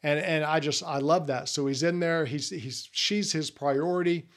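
A man's voice: a little high, steady tone, normal speed. Earnest man giving a talk to men. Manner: earnest, personal, speaks to the listener as "you". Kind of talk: faith-based talk to men.

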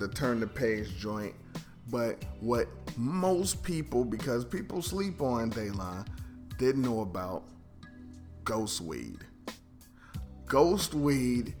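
Host type: man, slow easygoing delivery, faint music beneath. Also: mid-range voice. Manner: relaxed, hesitant, lots of ums. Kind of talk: casual countdown commentary.

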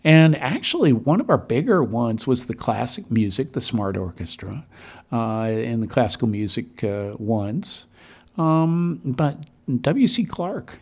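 Male radio host with a gravelly, fry-edged voice, middle pitch, rambling and upbeat. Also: darkish tone. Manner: rambling, enthusiastic, chatty. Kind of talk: casual on-air radio talk. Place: radio studio.

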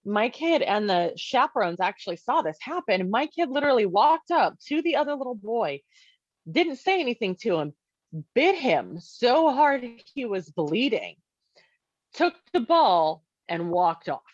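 A woman's voice: fairly high pitch, big pitch swings, unhurried, dry recording, muffled recording. A woman casually telling a personal story as a parent, talking conversationally with many fillers and acting out quoted dialogue.

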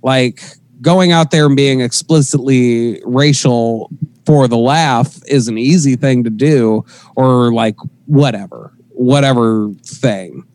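A man talking casually on a podcast, animated and profane, laughing often. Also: medium pitch, slow, no room sound, low-quality recording.

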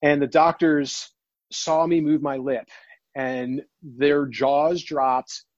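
A man earnestly telling a personal story, near tears, halting and restarting often. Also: a little high, fairly even intonation, a little mellow, no room sound, muffled recording. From New Jersey. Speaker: guest.

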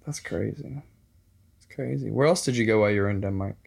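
A man's voice: fairly low pitch, fast talker, vocal fry, a little mellow, slightly rough. A young man from Texas hosting a casual interview, laid-back and joking with plenty of slang. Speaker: host.

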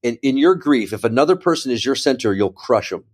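In a brisk, medium-pitched voice, a professor and speaker animatedly recounts a story during a conversational interview, often checking in with "right?" and "okay?".

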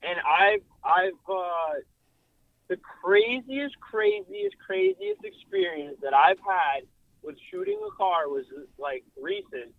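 Animated young man on a phone line. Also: high voice, slow, gravelly, no room sound. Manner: animated, filler-heavy, swearing. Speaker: car photographer guest. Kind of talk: casual storytelling. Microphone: phone call, breaking up. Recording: dry thin phone line.

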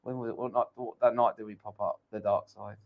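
A man's voice: fairly low pitch, steady tone, a little fast, narrow, tinny audio. A man co-hosting a live chat show, talking in a laid-back, hesitant way. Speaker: co-host. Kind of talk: casual banter.

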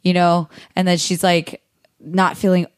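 A woman's voice: on the low side, flat delivery, measured pace, clear, resonant tone, no room sound, studio quality. A woman from California hosting a podcast, chatting casually with supportive interjections. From California, USA. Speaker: podcast host. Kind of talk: casual chat.

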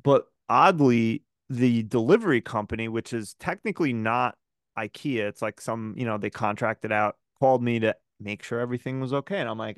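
A man's voice: mid-range voice, brisk, clean tone, no echo, studio quality. A man co-hosting a podcast, ranting in casual chat, rambling and swearing often. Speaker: podcast co-host.

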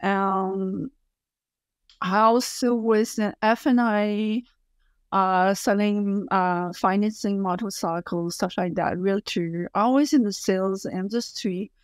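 A woman's voice: medium pitch, fairly even intonation, clear, resonant tone, no room sound. A woman in her fifties from Quebec City, speaking English with a French Canadian accent as a guest in a casual interview, blunt and emphatic. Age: 50s. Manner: blunt, emphatic, deliberate phrasing.

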